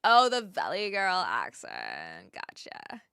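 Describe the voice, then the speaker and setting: Young woman streamer, chatty and giggly, reads chat aloud; lively delivery, dry close mic. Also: on the low side, slow pace, vocal fry, clean tone, no room sound. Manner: chatty, laughs often, greets viewers by name. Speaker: livestream host. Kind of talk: casual livestream chat, reading viewer comments.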